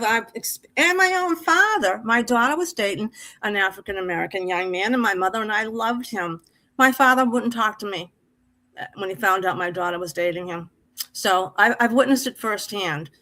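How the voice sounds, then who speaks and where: A middle-aged woman from Massachusetts tells a heartfelt story, rambling and restarting as she goes. Her voice is sharp and bright, and it sits at an ordinary pitch. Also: low-quality recording. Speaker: caller on an open mic stream. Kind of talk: personal storytelling.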